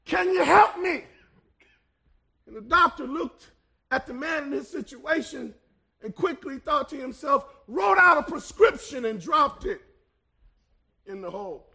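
A man preaching a sermon as pastor, building to loud shouted peaks and then dropping to hushed lines. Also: very high voice. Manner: preaching with swelling shouts and sudden hushed drops.

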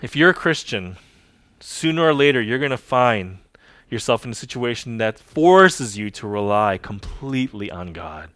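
An emphatic male pastor preaching a sermon, repeating his key lines for effect. He rises to loud declarations, then drops to quiet, drawn-out phrases, all recorded close and dry. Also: mid-range voice, very animated, no echo.

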